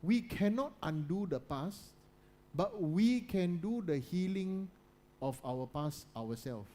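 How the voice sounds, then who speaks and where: A man giving a motivational talk to students. He repeats his points and keeps checking in with the audience, often dropping to a soft, low voice. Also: animated, slow. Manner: repetitive, keeps checking in with listeners. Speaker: guest speaker.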